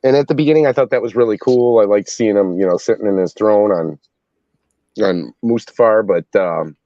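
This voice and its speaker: A man co-hosting a casual review chat, talking hesitantly with many pauses and fillers. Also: lowish voice, dark tone, dry recording. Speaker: podcast co-host. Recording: dull, dry, lo-fi audio.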